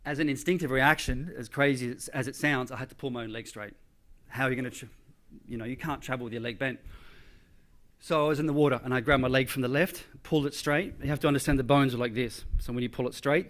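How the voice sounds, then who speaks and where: A man's voice: mid-range voice, a bit bright. Man telling a vivid story on stage. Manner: vivid, conversational storytelling with quoted dialogue. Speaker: motivational speaker. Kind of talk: storytelling keynote speech. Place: event stage before an audience.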